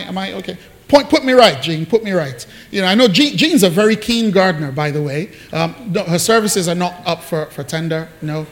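Male pastor, higher-pitched voice, conversational sermon delivery, playful asides, frequent repeats and restarts. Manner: conversational, joking with the congregation; repeats and restarts while searching for words.

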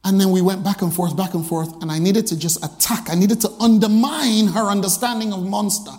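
Animated male preacher in a reverberant hall. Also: fairly quick. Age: middle-aged. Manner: animated, breaks into pitched voices for quoted characters. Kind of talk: sermon with personal stories.

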